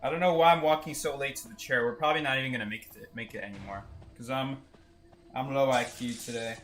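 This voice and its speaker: A man's voice: medium pitch, quick pace, faint music behind. A young man chatting casually and joking while streaming a game and reading chat aloud. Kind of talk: casual gaming stream commentary.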